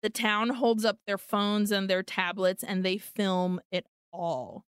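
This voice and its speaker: A woman co-hosting a podcast, telling a film's plot in animated, casual chat with frequent swearing. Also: mid-range voice, takes it slowly, smooth, no room sound, clean studio sound. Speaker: podcast co-host. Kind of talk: casual film recap chat.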